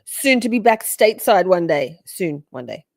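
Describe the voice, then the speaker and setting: A woman's voice: lowish voice, big pitch swings, normal speed, vocal fry, background noise. A woman with an Australian accent hosting a live stream, chatting freely and swearing as she reacts. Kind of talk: casual live-stream commentary.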